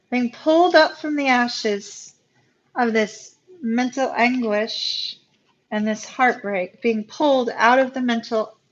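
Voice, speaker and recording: Emotional tarot reader with a lilt. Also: female voice, a little high, lo-fi sound. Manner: emotional, talks to viewers as "y'all". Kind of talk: live-stream tarot reading.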